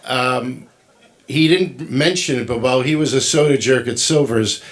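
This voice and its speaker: A man's voice: medium pitch, normal speed. A man giving short podium remarks at a ceremony, joking in a dry way. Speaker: event speaker.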